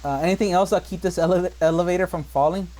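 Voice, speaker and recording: A man's voice: high-pitched, fairly even intonation, fast talker, mellow, low-quality recording. A man hosting a casual podcast, swearing freely and laughing often. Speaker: podcast host. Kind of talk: casual chat.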